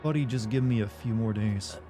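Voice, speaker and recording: Wry, mellow male game streamer. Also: fairly low pitch, brisk, faint music behind. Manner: joking, wry, reads game text aloud. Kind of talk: live game commentary.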